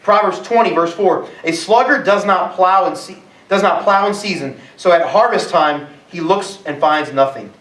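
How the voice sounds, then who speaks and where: A man's voice: sits high, normal speed, few pauses, a bit bright. A man in his thirties preaching a sermon to young adults, telling self-mocking jokes and stories. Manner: joking storyteller, self-mocking. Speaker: pastor. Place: church hall. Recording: echoey church hall from far off.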